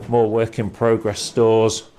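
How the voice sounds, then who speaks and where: Walking through a big industrial workshop, a man chats casually and points out items up for auction as he moves. His voice sits on the low side, warm in tone but completely flat in delivery, and he speaks slowly. There's a faint hiss or hum in the recording.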